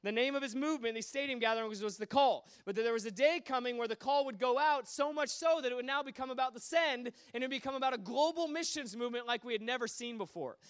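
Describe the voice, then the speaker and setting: High-voiced preacher telling stories. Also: male voice, quick pace, few pauses, clean tone. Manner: animated, swinging between hushed asides and loud bursts. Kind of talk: sermon storytelling.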